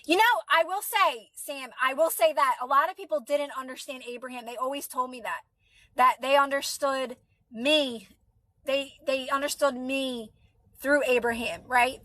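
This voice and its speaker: A woman's voice: high-pitched, fairly even intonation, normal speed, bright, forceful tone, dry recording. A woman with a Philadelphia accent, a mother and manifestation coach chatting on a livestream, reassuring viewers and answering their comments by name. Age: adult.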